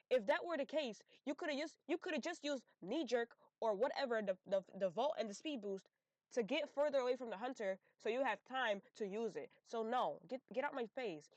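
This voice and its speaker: A woman's voice: on the high side, dry recording, clean studio sound. A young woman giving sassy, blunt tier-list commentary on game characters, talking straight to her viewers in slangy casual speech. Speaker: gaming video creator.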